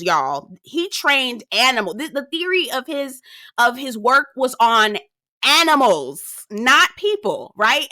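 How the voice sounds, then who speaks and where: A woman chats through a reality show recap with sass and slang, acting out what the cast said. Her voice is bright and sits a little high. The sound is close and dry. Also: dry recording. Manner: sassy, animated, slangy, acts out quotes. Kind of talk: casual commentary vlog.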